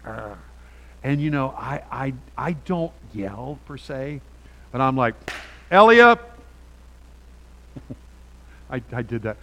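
A man's voice: mid-range voice, unhurried, highs cut off. Impassioned preaching man. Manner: impassioned, repetitive preaching with rising bursts. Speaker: pastor. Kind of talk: sermon. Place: church sanctuary.

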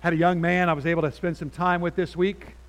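Animated middle-aged male preacher, fairly high. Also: fast talker, low-quality recording. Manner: animated, swings between quiet asides and loud outbursts. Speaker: pastor. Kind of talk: sermon.

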